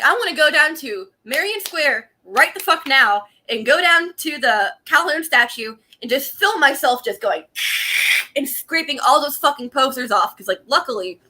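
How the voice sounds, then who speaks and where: High, lively woman ranting. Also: unhurried. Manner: angry profane rant with frequent laughs. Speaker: vlogger. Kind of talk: ranting casual livestream. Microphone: laptop webcam.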